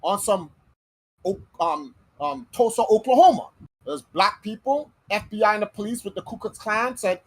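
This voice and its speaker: An American man hosting a casual podcast monologue, talking in slangy, animated speech and acting out quoted voices. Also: high-pitched, moderate pace, breathy edge, low-quality recording. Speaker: podcast host.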